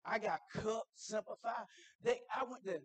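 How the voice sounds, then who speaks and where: A middle-aged man preaching in a church as a guest chaplain, telling stories conversationally, asking the congregation questions, and building up to shouted preaching. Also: high-pitched, moderate pace. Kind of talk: sermon.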